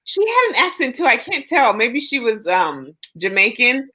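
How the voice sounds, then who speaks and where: A woman chats casually on a live stream and tells stories with energy, acting out the people in them. Her voice is bright and fairly high, and her pitch swoops widely. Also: normal speed, husky. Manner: lively storyteller, acting out the people she quotes.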